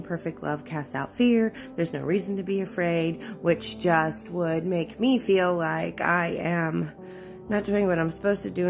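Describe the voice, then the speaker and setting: A woman telling her own story of fear and prayer in a candid, halting way, with many fillers and emotional pauses. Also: fairly low pitch, gravelly. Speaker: memoir narrator. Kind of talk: personal testimony, casual storytelling.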